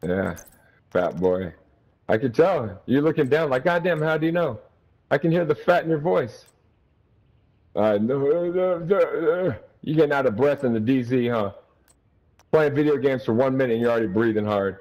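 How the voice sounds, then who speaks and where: A man's voice: medium pitch, lively intonation, moderate pace, a little mellow, lo-fi sound. A young man trash-talking an opponent over game voice chat, taunting, crude and repetitive. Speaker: gamer streaming.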